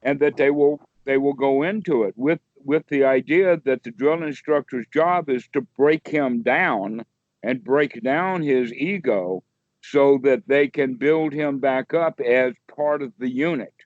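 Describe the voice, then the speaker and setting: Over a casual video chat with one other person, a man who teaches meditation explains things in a meandering, homespun style. He speaks at medium pitch and a little slowly, with no room sound, through dry, dull, low-fidelity call audio.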